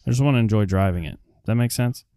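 A man's voice: fairly low pitch, fast, warm tone, smooth, no room sound, clean studio sound. A man co-hosting a podcast, chatting casually and rambling with lots of fillers about a film. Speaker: podcast co-host. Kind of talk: casual chat recapping a film.

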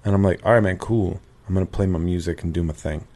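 A man who talks quickly in a casual podcast chat. He jokes and teases, slipping into quoted dialogue as he tells stories. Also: low-pitched, fairly even intonation, dark tone. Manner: joking, teasing, quotes people in dialogue. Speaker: podcast co-host.

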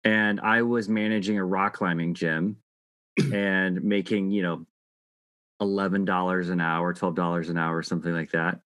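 A middle-aged man telling a long personal story in casual chat, halting and restarting often. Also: low-pitched, little pitch movement, a bit bright, dry recording. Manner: rambling, halting with many restarts.

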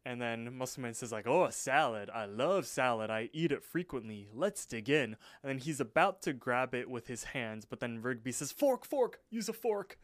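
A young man at mid pitch talks through a cartoon episode scene by scene in a loose podcast chat, and the recording is dry and close, with no room sound. He keeps jumping into quick character voices for the lines he quotes. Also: a bit bright, dry recording. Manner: retells scenes, voicing characters in quick impressions. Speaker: podcast co-host. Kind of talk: casual episode recap.

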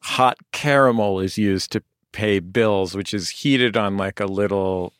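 Male interviewer, wry, teasing, low voice, dry mic. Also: measured pace, fairly bright tone, clear, resonant tone, dry recording. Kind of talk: casual interview.

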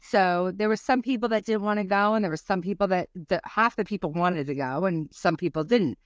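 Woman guest, rambling storyteller, dry close sound, mid pitch. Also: brisk, no echo. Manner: rambling, fillers like "like". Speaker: podcast guest. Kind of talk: casual storytelling.

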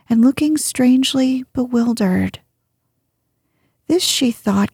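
A woman reads a storybook chapter in a very breathy, soft voice. Her pace is slow and her tone mellow, and the close mic sounds dry. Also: medium pitch, no echo. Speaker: audiobook narrator. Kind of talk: storybook narration.

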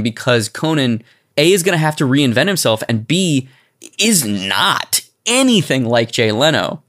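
Chatty man riffing on late-night TV. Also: medium pitch. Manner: animated, rambling with restarts, slips into mock voices. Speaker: podcast co-host. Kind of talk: casual chat.

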